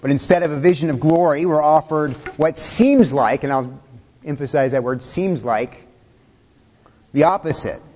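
A man's voice: a little high, moderate pace, a little mellow, big-room sound. A male pastor preaching a sermon in a conversational way, asking the listeners questions and chuckling now and then.

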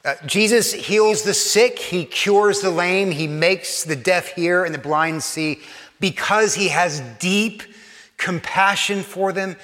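A man preaching a sermon, earnest, repeating and restarting phrases, often dropping soft for emphasis. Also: sits high, slow pace, big-room sound.

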